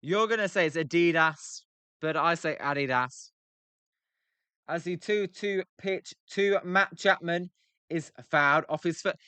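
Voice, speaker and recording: A young British man with a high-pitched, bright, forceful voice that is clear and resonant speaks at a measured pace, with no echo. Hosting a live stream, he gives casual commentary on a baseball game, chats and banters with his viewers, and jokes about pronunciations.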